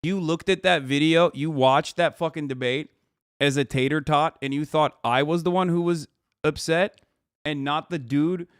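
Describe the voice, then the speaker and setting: Male streamer, heated profane reaction, smooth voice, dry close mic. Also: fairly high pitch, steady tone, normal speed, no echo. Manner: heated, profane, sarcastic rant. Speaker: livestream host. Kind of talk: reacting to a debate clip.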